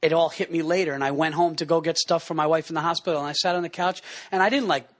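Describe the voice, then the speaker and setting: A man in his forties, a guest comedian in casual podcast chat, excitably telling stories and acting out his own lines. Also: fast talker. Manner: excitable storyteller, acts out his own lines in high voices.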